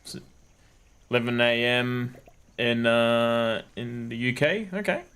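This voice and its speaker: A man's voice: mid-range voice, slow pace, a bit bright, smooth. A man co-hosting a livestream, teasing his partner playfully and giggling. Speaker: streamer co-host. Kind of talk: casual gaming livestream chat.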